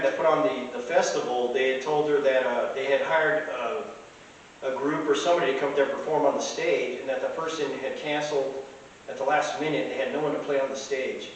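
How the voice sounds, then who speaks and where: A man's voice: a little high, dull audio. A man telling casual anecdotes as a podcast host, rambling along with frequent fillers and restarts. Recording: very echoey room, mic at a distance, faint hiss.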